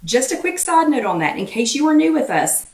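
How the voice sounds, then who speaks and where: A woman with a Southern US accent hosts a live chat, talking fast and greeting viewers by name, her voice still slightly irritated. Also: sits high, sing-song, darkish tone, echoey room, recorded from a distance. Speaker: host of a live weight-loss chat.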